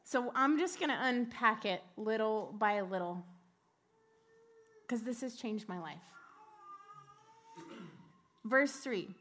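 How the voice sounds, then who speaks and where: High-voiced woman preaching a lively sermon. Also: slow, long pauses, slight background noise. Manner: animated storytelling, rising to fervent exclamations.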